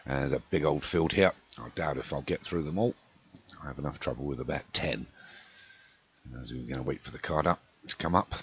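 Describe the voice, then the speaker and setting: Deep-voiced man calling a horse race. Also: a little fast. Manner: chatty, self-deprecating asides between calls. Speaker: race commentator. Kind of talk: amateur race commentary over a video game. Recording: dull lo-fi with clear background noise.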